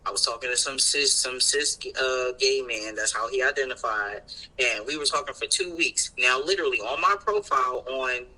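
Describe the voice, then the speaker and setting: Male podcast co-host, very bright tense tone, rambling and emphatic, casual profanity. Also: mid-range voice, normal speed, poor audio. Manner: rambling, emphatic, swears freely. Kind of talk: casual chat.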